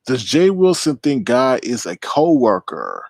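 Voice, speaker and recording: A man's voice: mid-range voice, huge pitch swings, measured pace, creaky, a little mellow, no room sound, studio quality. A man hosting a late-night livestream, chatting casually, greeting viewers by name and rambling through asides. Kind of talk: casual live-stream commentary.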